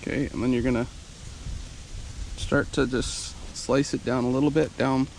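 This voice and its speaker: A man, a falconer, narrating a casual outdoor hunting vlog, a bit out of breath and excitable when his hawk hunts. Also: mid-range voice, moderate pace, creaky. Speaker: falconer vlogger. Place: outdoors in fields and woods. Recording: outdoor noise behind the voice.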